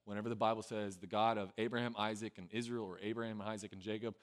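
A man preaching a casual storytelling sermon, conversational and peppered with "right?", who swings from loud acted lines to quiet, low asides. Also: flat delivery, quick pace. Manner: conversational, with a frequent tag "right?". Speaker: pastor.

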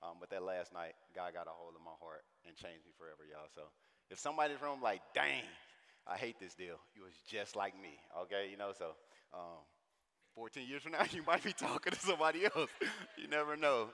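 Bright-voiced St. Louis man, hall echo. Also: on the low side, brisk. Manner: animated, drawls and stretches sounds, addresses the crowd as y'all. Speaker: conference speaker. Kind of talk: lively talk to a large audience. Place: large conference hall. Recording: long hall reverb, faint noise.

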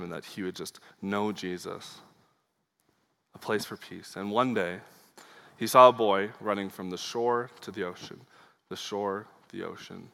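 A man's voice: fairly low pitch, sharp tone. A man preaching a Sunday sermon in an earnest, conversational way, with fillers and small asides. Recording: long hall reverb.

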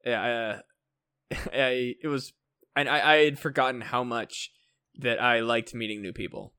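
A man co-hosting a podcast, a comedian talking in halting, rambling casual chat full of fillers and swearing. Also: medium pitch, fairly even intonation, pushed and bright, smooth, no room sound, clean studio sound.

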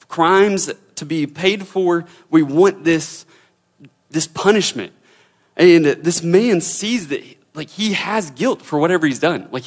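A young man teaching a Bible passage in a casual, informal way, full of fillers and restarts. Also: high-pitched.

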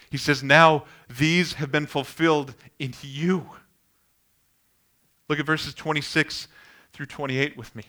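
A man's voice: medium pitch, sharp tone. A middle-aged man preaching a sermon, earnest and building emphasis on key phrases, with homely anecdotes along the way. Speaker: pastor.

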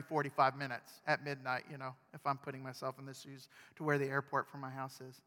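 Bright-voiced preacher in an echoey hall. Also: male voice, mid-range voice, brisk, hardly any pauses. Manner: conversational storytelling, animated. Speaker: pastor. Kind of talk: sermon.

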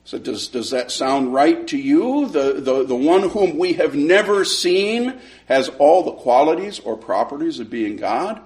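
A man teaching a Sunday school class, retelling a conversation in an animated way and often repeating words as he starts a sentence. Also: on the high side, measured pace. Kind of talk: storytelling Bible lesson.

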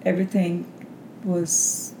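A woman's voice: fairly low pitch, completely flat delivery, takes it slowly, mellow. An older woman from Bulgaria recounts her family's history in an interview. She wanders through the story with plenty of fillers and restarts. The recording sounds roomy, with a faint hum behind her. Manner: meandering, many fillers and restarts. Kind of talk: personal storytelling.

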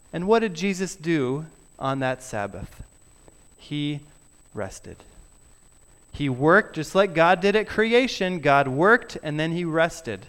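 Pastor, male, unhurried sermon delivery, smooth and clear, softens on key words. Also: on the high side. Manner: earnest, drops to soft emphasis on key words. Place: church sanctuary.

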